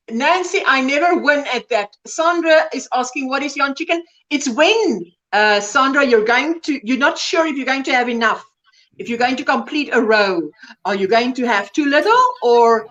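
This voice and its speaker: A woman's voice: high voice, moderate pace, a bit bright. A woman hosting a casual livestream chat, reading viewer comments aloud and reacting with exclamations. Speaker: livestream host.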